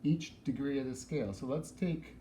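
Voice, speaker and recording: A man teaching piano, explaining practice methods for scales in a relaxed way while he demonstrates. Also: mid-range voice, normal speed, slight background noise. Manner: relaxed, explains while playing and counting aloud. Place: room with a piano. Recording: echoey room with piano playing.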